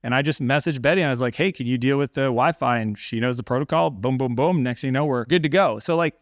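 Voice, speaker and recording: A man's voice: mid-range voice, fast, dry recording, studio quality. A man, a business-owning guest on a podcast, talking earnestly and reflectively with frequent fillers. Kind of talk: casual interview talk.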